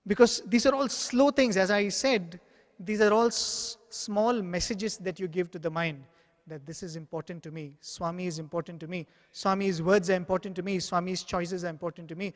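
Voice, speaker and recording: High-voiced man, reverberant hall. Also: steady tone, moderate pace. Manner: earnest, acts out dialogue in anecdotes. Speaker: spiritual speaker. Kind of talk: devotional talk with storytelling.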